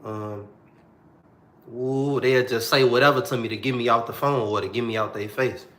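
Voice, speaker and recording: A man's voice: mid-range voice, steady tone, normal speed, fairly bright tone, roomy sound. A young man telling a personal story to the camera in a slangy, repetitive, heartfelt way.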